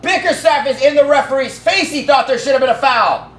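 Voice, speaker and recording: High-voiced male play-by-play caller. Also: roomy sound. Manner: rapid excited calls that rise to shouting at big plays. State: out of breath. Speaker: fan play-by-play commentator. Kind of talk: live play-by-play commentary.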